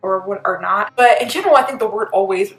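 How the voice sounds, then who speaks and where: A woman hosting a casual reaction vlog, speaking in an animated way, breaking into laughs and loud exclamations. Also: mid-range voice, fast talker. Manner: animated, bursts into laughter and shouting. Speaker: reaction channel host. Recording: echoey room with faint music.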